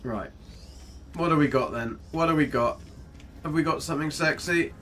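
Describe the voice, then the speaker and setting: A man's voice: on the high side, normal speed, fairly bright tone, a little hiss or hum. Chatty man streaming a game. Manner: chatty, jokey, rambling, reads chat aloud. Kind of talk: casual live-stream commentary. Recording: faint music behind.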